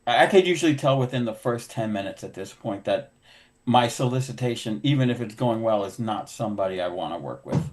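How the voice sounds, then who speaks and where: A man's voice: mid-range voice, a little fast. A middle-aged man, a podcast host who cleans windows, telling work stories in casual chat and acting out both sides of old conversations. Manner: animated storyteller acting out dialogue.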